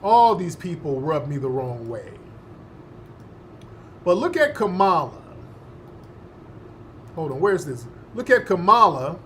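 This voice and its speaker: A man's voice: a little high, very animated, slow pace, pauses often, a bit bright, slight background noise. A male host giving opinionated political commentary in an emphatic, slangy, scoffing manner.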